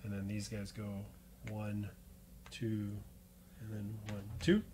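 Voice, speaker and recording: Brief: slow-talking man, hesitant player, clear background noise. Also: fairly low pitch, completely flat delivery, darkish tone. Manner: hesitant, counts moves aloud. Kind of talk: casual board game play.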